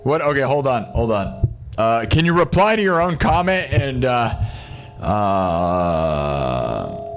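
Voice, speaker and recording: A man's voice: mid-range voice, very animated, slow. A man hosting a live music stream, chatting casually with viewers in an upbeat, rambling way, thinking aloud and restarting his sentences. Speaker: livestream musician host.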